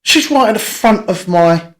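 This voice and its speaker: Bloke, middle-aged, higher voice, lively swoops in pitch, rambling sweary stories. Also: male voice, unhurried. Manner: rambling, sweary storytelling with many restarts. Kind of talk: casual podcast chat.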